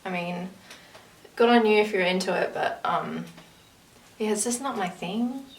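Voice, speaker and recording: Slow, chatty woman in a roomy space. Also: mid-range voice. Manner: chatty, rambling asides while working. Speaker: makeup vlogger. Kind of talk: casual makeup tutorial chat. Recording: roomy, distant camera audio with faint hiss.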